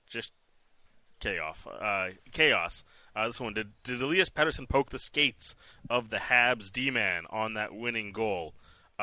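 A man hosting a post-game hockey talk show, animated and full of restarts. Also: medium pitch, no room sound. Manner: animated, restarts often, laughs while talking. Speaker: sports podcast host.

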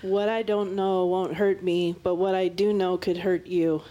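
A woman's voice: on the low side, flat delivery, a little slow, warm tone, muffled recording. A woman co-hosting a podcast, chatting casually in a matter-of-fact way. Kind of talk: casual chat.

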